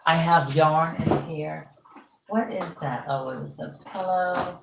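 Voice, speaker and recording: A woman's voice: sits low, slow, vocal fry, reverberant, noisy background. A woman restoring dolls, chatting in a rambling way and exclaiming often as she sorts her supplies at home. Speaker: doll restoration vlogger. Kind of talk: casual live-stream chat. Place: home room with stored boxes.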